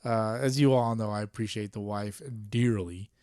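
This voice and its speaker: A man's voice: fairly low pitch, steady tone, moderate pace, a little mellow, clean tone, no room sound, studio quality. Buzzed, profane male podcast host. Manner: profane, rambling, laughs often. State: a little tipsy. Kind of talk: casual solo podcast rant.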